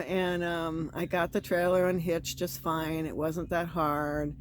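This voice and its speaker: A woman's voice: on the low side, flat delivery, slow pace, slight background noise. Brief: woman vlogger, casual and chatty, talking to camera from inside a camp tent, upbeat storyteller who cheers herself on. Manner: chatty, storytelling, self-encouraging. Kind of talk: casual chat. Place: inside a screen tent at a campground.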